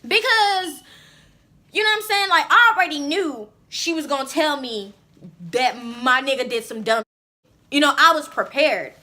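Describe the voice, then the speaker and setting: A young woman vlogger telling a personal story in an animated, expressive way, with lots of fillers. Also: sits high, moderate pace. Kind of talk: storytime vlog.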